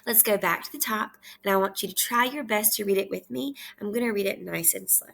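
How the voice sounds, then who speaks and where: A woman teaching kindergarten, reading aloud slowly and clearly in a repeat-after-me lesson from her kitchen at home. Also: mid-range voice, a bit bright. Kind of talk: slow read-aloud lesson for young children.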